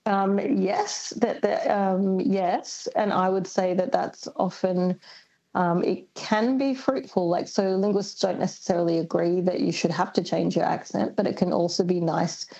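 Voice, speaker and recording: An Australian woman, a linguist guest, explaining things thoughtfully on a radio interview, pausing often with ums. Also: on the low side, steady tone, creaky, mellow, dull audio. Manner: thoughtful, hesitant with many ums.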